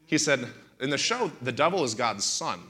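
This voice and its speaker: Bright-voiced preaching man. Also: medium pitch, moderate pace. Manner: animated storytelling, emphatic and indignant. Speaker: pastor. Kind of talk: preaching on a talk show.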